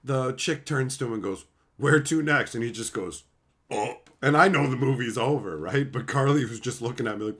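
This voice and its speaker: With a medium-pitched voice, a breathy edge, and a moderate pace, a man on a casual stream rants and reads chat aloud. He swears frequently and is animated, mimicking other people's voices.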